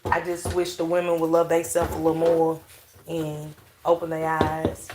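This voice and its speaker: A woman's voice: low-pitched, monotone, moderate pace, heavy background noise. A woman hosting a livestream, reading chat and joking loosely with plenty of swearing. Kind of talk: casual chat. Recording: echoey room, mic at a distance.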